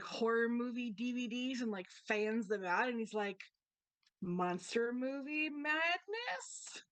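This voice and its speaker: A woman's voice: fairly high pitch, pushed and bright, no echo. A woman game master narrating a tabletop roleplay in a rambling way, full of fillers.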